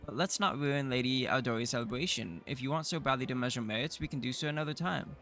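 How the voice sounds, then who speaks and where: A man's voice: mid-range voice, quick pace, fairly bright tone, close to an everyday voice. A man reading out the lines of an arrogant, haughty male noble baron in a fantasy game. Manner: scornful, lordly. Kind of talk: reading game dialogue aloud.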